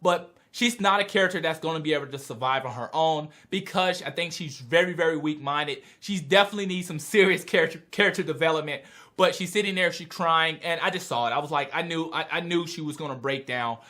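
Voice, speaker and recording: A man casually reviewing a manga chapter, animated and excitable as he retells scenes. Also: fairly high pitch, fairly quick. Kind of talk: casual video review chat.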